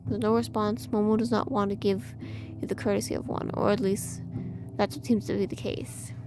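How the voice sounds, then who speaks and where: A woman reading aloud a horror visual novel with measured, eerie narration. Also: medium pitch, little pitch movement, noisy background. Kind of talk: dramatic game narration.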